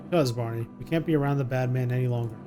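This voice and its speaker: A man voicing a frightened young mother who talks to her little son in a hushed, soothing way, reading game dialogue aloud. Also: medium pitch, rapid-fire, music in the background, lightly acted. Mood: hushed, coaxing. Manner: hushed and soothing, coaxing a child.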